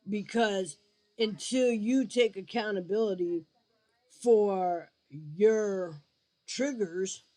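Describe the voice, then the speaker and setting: Woman vlogger, slow and deliberate delivery, blunt and emphatic, casual opinion piece. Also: on the high side, a little mellow, rough recording. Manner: blunt and emphatic, with mocking asides. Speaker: YouTube vlogger and gamer. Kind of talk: frank opinion vlog.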